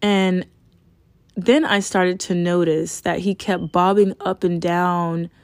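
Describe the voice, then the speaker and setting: Young woman, low-set voice, blunt and cursing storyteller, dry close sound. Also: slow pace, no echo. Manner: frank and profane, animated retelling. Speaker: storyteller sharing a personal experience. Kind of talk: casual personal storytelling.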